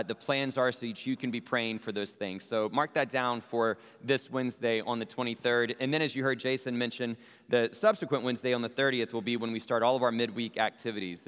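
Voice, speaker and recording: A man who is a pastor, praying and then giving church announcements in an earnest manner with frequent "uh" fillers. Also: mid-range voice. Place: church sanctuary. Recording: reverberant church hall with soft music.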